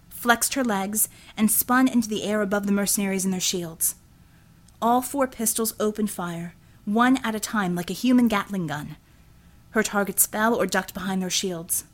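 A woman giving a steady, measured scripted audiobook narration. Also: medium pitch.

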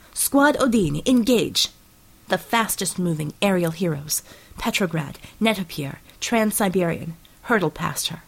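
A woman narrating an action audiobook in steady, dramatic storytelling. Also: on the low side, creaky, husky, poor audio.

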